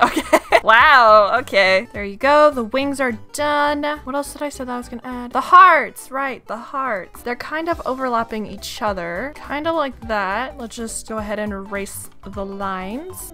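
A woman's voice: medium pitch, bright, forceful tone. A young woman chatting casually as she draws, giggly and self-deprecating. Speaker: art YouTuber. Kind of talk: casual drawing commentary.

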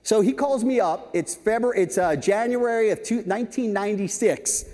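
A man in his fifties giving a conference talk, telling lively anecdotes with frequent "right?" asides. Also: high-pitched, normal speed. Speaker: keynote speaker. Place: large conference hall stage. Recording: reverberant conference hall.

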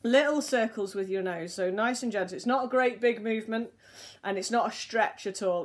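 Woman, voice teacher, soothing and unhurried, leading a warm-up lesson. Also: mid-range voice. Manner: gentle, soothing, slow guiding instructions. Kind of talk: guided vocal warm-up lesson.

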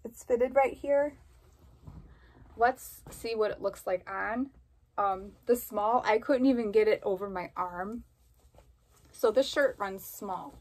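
Woman, vlogger, casual try-on review, slow unhurried pace, mid-range pitch, rambling, self-deprecating jokes. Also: a little mellow, poor audio. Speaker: fashion vlogger.

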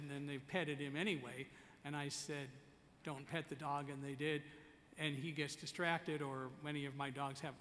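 Male keynote storyteller, high and bright, direct and commanding, reverberant hall. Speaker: keynote speaker. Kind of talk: storytelling speech to an audience. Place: conference hall. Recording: echoey conference hall.

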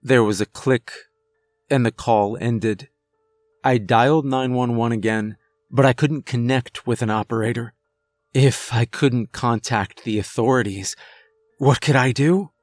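A man reading a first-person horror story aloud in a measured, suspenseful way. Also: mid-range voice, darkish tone, dry recording. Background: faint music.

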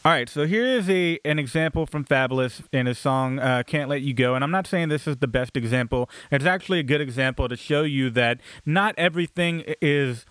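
A man's voice: mid-range voice, fairly quick, hardly any pauses, fairly bright tone, smooth, no room sound. A man giving a recorded lecture on rhyming, explaining casually with many fillers and restarts. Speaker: music instructor.

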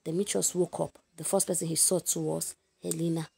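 A young woman with a Nigerian accent, a literature teacher, gives a chatty, animated lesson summary, speaking straight to her listeners. Her voice is deep, creaky and slightly rough, and she talks fairly quickly.

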